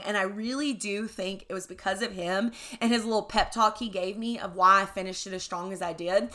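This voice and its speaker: A young woman hosts her own podcast and talks through a story in a loose, candid way, swearing freely and checking in with "right?" and "y'all". Her voice is bright and sits at a middle pitch for a woman. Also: fairly quick, few pauses. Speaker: podcast host. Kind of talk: casual storytelling monologue.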